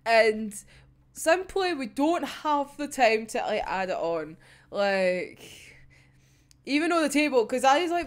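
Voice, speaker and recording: A woman's voice: high-pitched, animated, takes it slowly. A young Scottish woman reacting to a manga chapter, swearing and exclaiming in exasperation. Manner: swears a lot, laughs and cries out in exasperation. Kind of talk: emotional reaction vlog.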